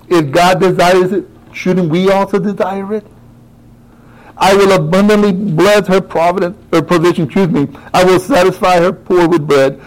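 A man preaching a sermon who talks directly to his congregation, moving from quiet asides to rising, emphatic exclamations. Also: a little high, low-quality recording.

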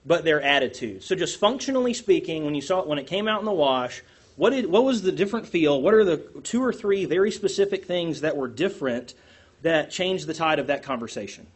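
A man teaches a church class, drawing the group out with questions. His voice is husky and sits a little high, and he talks in an animated way, poking fun at himself. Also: a little fast. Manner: animated, asks the group questions, self-deprecating.

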